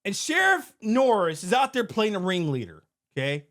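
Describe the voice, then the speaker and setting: This high-voiced, middle-aged man owns a security company and walks through an incident at normal speed. He's animated and conversational, repeating himself in a casual commentary-podcast style.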